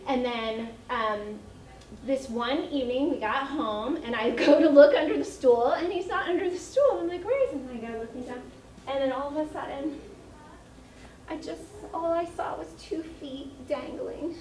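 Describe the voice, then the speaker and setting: A middle-aged woman who works as an early childhood educator chats with parents about potty training, laughing as she goes. Her voice is high, and the recording has background noise, an echoey room, and a distant mic.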